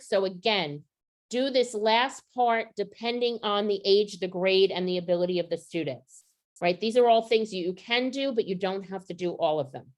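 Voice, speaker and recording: Woman leading a teacher workshop. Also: medium pitch. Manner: practical, addresses audience with questions. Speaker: literacy trainer for teachers. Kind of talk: professional development workshop.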